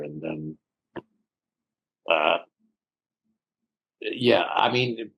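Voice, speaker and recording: A man's voice: fairly low pitch, lively intonation, moderate pace, poor audio. A man from South London, a voice actor guest, chatting thoughtfully in an interview over a video call with many small restarts. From South London, England. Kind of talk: casual interview chat.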